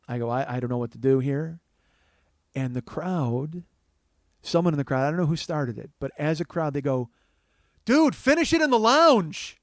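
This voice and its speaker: A man's voice: medium pitch, moderate pace, no echo. A comedian in his forties telling a personal story on a podcast, swearing often and acting out other people's lines. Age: 40s. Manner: animated storyteller, swears often, acts out the crowd in a raised voice.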